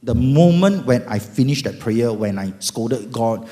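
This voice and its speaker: Casting: low-voiced Singaporean man, middle-aged, storytelling testimony, booming hall reverb. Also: measured pace. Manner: animated, dramatic, bursts of loud emphasis. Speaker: speaker giving testimony. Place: event hall.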